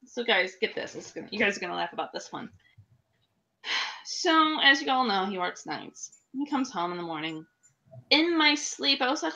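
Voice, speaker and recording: Podcast co-host, woman in her thirties with a cold, bright chatty storyteller. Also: on the high side, sing-song, normal speed, highs cut off. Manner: chatty storyteller, laughing asides. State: coming down with a cold. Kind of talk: casual chat.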